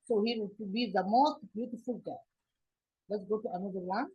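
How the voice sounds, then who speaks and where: A woman teacher with an Egyptian accent, explaining English grammar from slides, pausing often with fillers and restarts. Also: mid-range voice, breathy edge, muffled recording. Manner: halting, many fillers and restarts. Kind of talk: slide-based grammar lesson.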